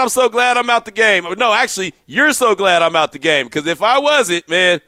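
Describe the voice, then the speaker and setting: High, bright-voiced male radio host. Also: moderate pace, dry recording, clean studio sound. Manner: animated, teasing, laughs often. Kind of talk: casual sports radio banter.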